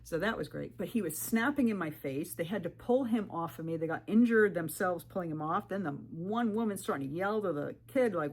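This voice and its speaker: A woman's voice: on the low side, fairly quick. A woman thru-hiker telling a story to camera. She talks candidly and emphatically, warning viewers, and acts out what people said with "I'm like". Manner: animated, retells talk with 'I'm like' quotes. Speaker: thru-hiker video creator.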